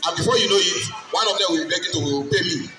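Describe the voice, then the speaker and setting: A man's voice: high-pitched, quick pace. A man with a Nigerian accent giving a motivational talk to school pupils, posing questions for the room to answer in a sing-song way. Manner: call-and-response questioning, sing-song emphasis. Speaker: guest speaker at a school event. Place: school hall. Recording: echoey hall, distant mic, music and crowd behind.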